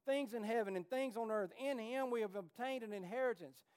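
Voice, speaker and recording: Male pastor with a high voice, preaching a fervent, pleading sermon. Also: fairly quick, darkish tone, clear, resonant tone. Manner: impassioned preaching, pleading then rising. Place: church.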